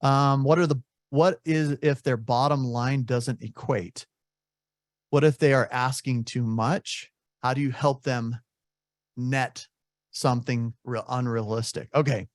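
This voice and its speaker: A man's voice: medium pitch, fairly even intonation, measured pace, dry recording, clean studio sound. A man coaching real estate agents on a video call, speaking candidly and acting out sample sales calls.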